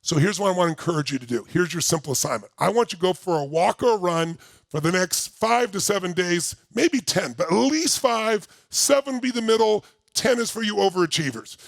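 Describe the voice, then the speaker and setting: An older man giving a workshop talk to a live audience, telling a personal story with lots of energy and shouting out repeated phrases. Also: high voice, expressive, fairly quick, gravelly, no echo. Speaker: motivational speaker.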